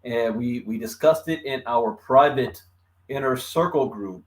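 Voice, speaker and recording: A man's voice: medium pitch, measured pace. A man from Los Angeles hosting a casual live stream about crypto. His mouth is numb from the dentist, so he talks with a slight lisp, and he greets viewers by name and chuckles often. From Los Angeles, California.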